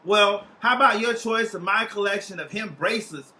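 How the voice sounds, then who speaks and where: A Jamaican psychic lady from late-night TV, all sugary salesmanship, calling everyone honey and child while she pushes her wares, as a man puts her on in a storybook reading. The voice rides high and bright, sharp at the edges. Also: moderate pace. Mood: cooing sales pitch. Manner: sweet-talking, salesy, calls people honey and child. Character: gaudy woman TV psychic hawking trinkets.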